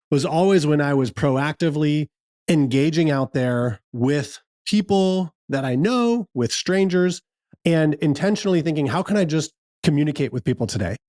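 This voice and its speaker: Measured, thoughtful male podcast co-host. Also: on the high side, a little mellow, no echo, studio quality. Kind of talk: casual conversational reflection.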